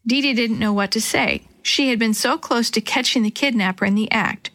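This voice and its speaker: A woman reading a children's storybook aloud in a gentle, even narration. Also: fairly high pitch, moderate pace.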